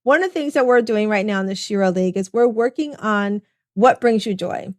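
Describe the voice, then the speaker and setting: A woman's voice: mid-range voice, a little fast. A woman hosting a casual interview, encouraging and chatty. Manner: warm, encouraging, talks with like and you know. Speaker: podcast host.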